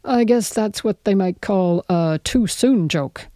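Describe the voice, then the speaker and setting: A woman reading the part of a tall male police detective who jokes wryly and talks a bit louder than her narration. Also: mid-range voice, slow, no echo, clean studio sound, close to an everyday voice. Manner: wry, teasing.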